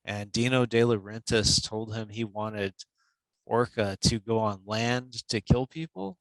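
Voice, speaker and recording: A man's voice: lowish voice, unhurried, no echo, poor audio. A man being interviewed as an author, easygoing and chatty, full of "you know"s. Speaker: author guest. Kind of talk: casual interview chat.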